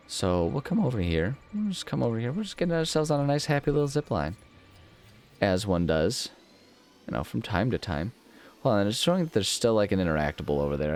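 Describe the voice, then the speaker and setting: A man with a somewhat low voice gives casual commentary while he plays a game. He rambles and mocks himself, and drifts into little nonsense tunes between thoughts. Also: darkish tone. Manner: rambling, self-mocking, sings nonsense syllables. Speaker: gaming channel host.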